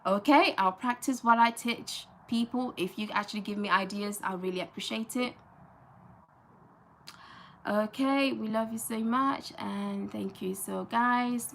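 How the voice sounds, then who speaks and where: Bright-voiced chatty young woman from Gambia. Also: medium pitch, steady tone, a little slow, gravelly, a little hiss or hum. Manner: chatty, emphatic, repeats phrases for stress. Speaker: live streamer. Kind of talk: casual live-stream chat.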